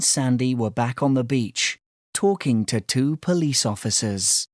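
A woman reading a children's story aloud, clear and measured. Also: very deep voice, expressive, a little mellow, no room sound, studio quality.

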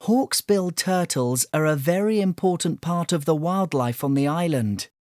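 A woman's voice: low voice, animated, moderate pace, a little mellow, no room sound, clean studio sound, voice pushed up. A woman doing an eager young island girl. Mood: explaining.

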